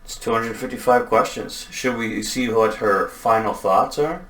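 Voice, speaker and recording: A relaxed man with a slightly low voice, chatting casually on a podcast. He tells stories in a loose, laid-back way, swearing as he goes and laughing often. He sounds a little set back from the mic. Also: a little slow, distant mic. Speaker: podcast co-host. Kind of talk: casual chat.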